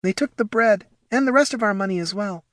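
A man's voice: high-pitched, fairly quick, dry recording, clean studio sound, voice pushed up. A man putting on a proud gnoll widow. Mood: sorrowful. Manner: soft, pleading, proud. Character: poor widowed female gnoll mother, proud and fearful.

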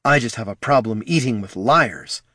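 A man's voice: mid-range voice, lively intonation, normal speed, bright, forceful tone, dry recording, studio quality. A man voicing a proud, angry young female sun mage, talking in a cold, clipped, scornful way.

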